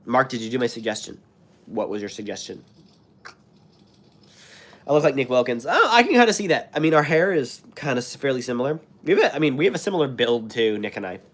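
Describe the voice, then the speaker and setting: A man's voice: medium pitch, lively intonation, fast. A young American man hosting a live stream, chatty and rambling, his throat scratchy and sore from being sick. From United States. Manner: rambling, many fillers and restarts. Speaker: channel host. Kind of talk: live stream chat, reading comments.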